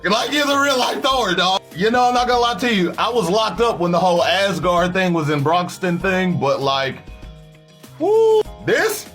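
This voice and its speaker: A man puts on an excitable young everyman, pitched high above his own voice, eager and rambling. Light music plays faintly behind. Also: normal speed. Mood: starstruck.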